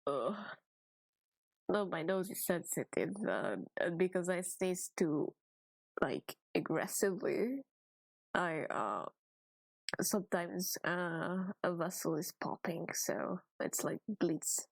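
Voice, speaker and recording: A woman's voice: on the low side, lively intonation, slow, vocal fry, dry recording. A woman streamer chatting casually during a game, often whispering to herself. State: nosebleed. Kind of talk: casual gameplay commentary.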